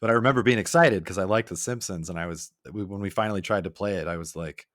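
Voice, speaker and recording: A man's voice: low-pitched, rapid-fire, hardly any pauses, dry recording, clean studio sound. A man guesting on a podcast, chatting casually and acting out quoted lines as he tells stories. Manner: animated storyteller who acts out quotes.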